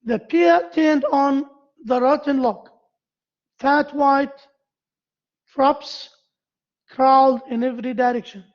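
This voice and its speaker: A male university lecturer giving a grammar lesson to a class, halting and repeating himself as he quizzes his students. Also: very high-pitched, fairly even intonation, highs cut off.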